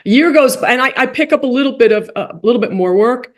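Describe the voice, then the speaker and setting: A woman being interviewed, telling a story in a lively way that acts out quoted dialogue with big jumps in pitch and drops into soft, quiet asides. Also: fast. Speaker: guest, coach for rabbis and playwright.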